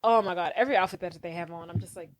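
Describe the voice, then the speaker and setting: A woman's voice: lowish voice, rapid-fire. Blunt, opinionated woman co-host. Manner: blunt, opinionated, mock-disgusted. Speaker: podcast co-host. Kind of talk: casual chat.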